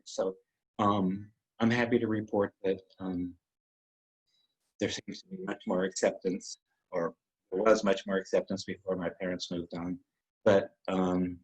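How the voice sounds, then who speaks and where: A man hosting a web series, telling a personal story in an emotional, halting way with many pauses. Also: lowish voice, breathy edge, poor audio.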